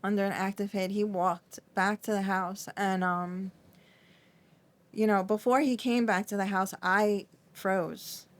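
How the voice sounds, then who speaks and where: Shaky middle-aged woman, halting recollection. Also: medium pitch, fairly even intonation. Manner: halting, repeats and restarts often, fillers like "like". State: shaky, trembling. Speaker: podcast guest. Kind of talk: emotional interview recollection.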